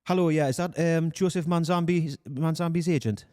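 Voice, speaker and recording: A man's voice: fairly high pitch, steady tone, brisk, mellow, dry recording, clean studio sound, pitched above the performer's own voice, natural voice. A man putting on a Geordie accent to play a bumbling male Newcastle club recruiter on a phone call. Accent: Geordie, put on. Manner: rambling, hesitant, upbeat.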